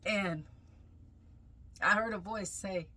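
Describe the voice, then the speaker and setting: A woman sharing a personal testimony in a reflective, halting way, pausing often as she tells her story. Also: medium pitch, sharp tone. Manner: reflective, halting, with frequent pauses and fillers.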